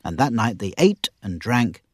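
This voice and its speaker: A man narrates a storybook with expressive, scripted delivery. His voice is husky and moves up and down a lot in pitch. The sound is dry and close to the mic. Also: a little slow, dry recording. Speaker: audiobook narrator.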